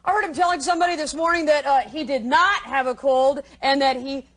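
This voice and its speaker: An actress playing a brash, crude female office worker who loudly taunts her coworkers in a comedy sketch. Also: high voice, fairly quick. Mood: taunting. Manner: loud, taunting and provocative.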